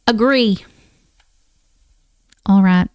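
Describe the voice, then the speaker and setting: A woman's voice: mid-range voice, drawn-out words, smooth, no room sound, clean studio sound. A woman hosting a casual live stream, chatting and thanking viewers by name while keeping up a playful put-on accent. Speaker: livestream host.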